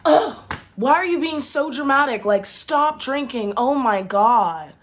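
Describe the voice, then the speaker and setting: A woman's voice: sits high, animated, a little slow, voice pushed up. A woman mimicking a dismissive young man who scoffs at his date in exasperation. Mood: scoffing.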